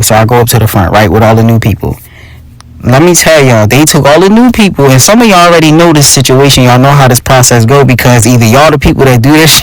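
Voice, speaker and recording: A young adult man with a Philadelphia accent telling a personal story in a casual, profane, animated monologue as podcast host. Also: medium pitch, dry recording, rough recording. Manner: animated, profane, addresses listeners as y'all.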